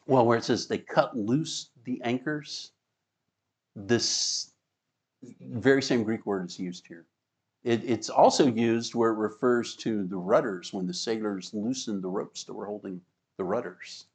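A male preacher with a fairly low voice speaks a little slowly, delivering an emphatic teaching sermon with slides. He reads scripture verses aloud and chuckles now and then.

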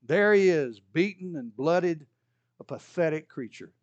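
A man's voice: animated, normal speed, no room sound, lo-fi sound. A man preaching a sermon, retelling scripture as a story and acting out the voices of the people in it. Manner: storytelling preacher, acts out quoted voices with rising pitch. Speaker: pastor.

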